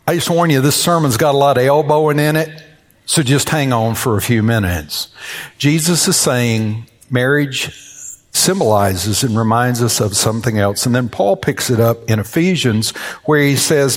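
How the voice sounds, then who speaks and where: A man's voice: lively intonation, measured pace. Folksy older male pastor preaching. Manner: folksy, joking storyteller with high-pitched voices for quoted people. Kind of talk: sermon. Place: church sanctuary.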